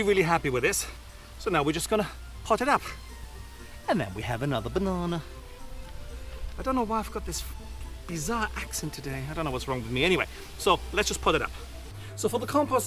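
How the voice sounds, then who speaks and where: Lively, chatty gardening man. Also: a little high, fairly quick, pauses often, faint music behind. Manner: chatty, self-mocking asides. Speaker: gardening video host. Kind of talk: casual how-to chat. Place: outdoor garden.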